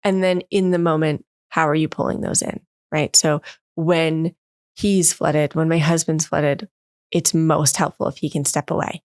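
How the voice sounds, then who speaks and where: A woman in her thirties, a guest expert, telling stories in an animated way in a podcast interview and acting out the voices she quotes. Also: low-pitched, measured pace, dry recording, studio quality. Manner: animated storyteller who acts out quoted voices. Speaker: guest expert on emotional development.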